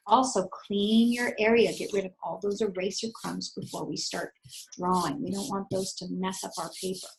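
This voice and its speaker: A woman's voice: medium pitch, slight background noise, low-quality recording. A woman art teacher giving a patient, step-by-step drawing lesson for children, counting her strokes aloud as she works.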